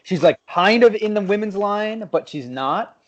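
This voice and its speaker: A man's voice: high-pitched, animated, moderate pace. A man co-hosting a podcast, telling a story in casual chat, swearing and laughing as he goes. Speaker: podcast co-host. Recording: dull lo-fi podcast audio.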